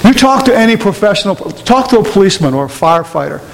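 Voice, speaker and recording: A man's voice: sits high, very animated, fast talker, creaky. A man preaching a sermon to a congregation, emphatic and repeating rhetorical questions. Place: large room with an audience. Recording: long hall reverb, faint hiss.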